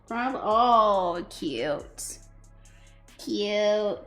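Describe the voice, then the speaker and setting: A woman streaming casually, chatting with viewers and cooing softly to her pet between thoughts. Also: medium pitch, measured pace, pauses often, faint music behind. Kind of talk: casual livestream chat.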